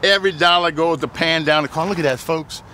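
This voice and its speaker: Car lot guy hyping his cars, jokey salesman talk, kinda high sharp voice, outside with a little background noise. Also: a little fast. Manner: folksy, joking salesman patter. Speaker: used car dealer. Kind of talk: walkaround sales pitch.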